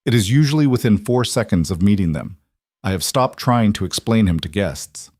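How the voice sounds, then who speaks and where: Composed crime boss, quiet authority, deep dry voice, read by a male narrator. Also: lively intonation, no room sound. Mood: calm formal. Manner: formal, measured, dryly patient. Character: Luca, calm commanding mafia boss man.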